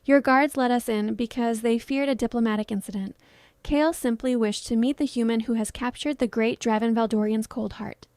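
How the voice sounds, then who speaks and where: A woman's voice: on the high side, steady tone, normal speed, darkish tone, smooth, dry recording, studio quality, lightly acted. A woman voicing a sly male vampire messenger who speaks with mockery. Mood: mocking. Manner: mocking, sly.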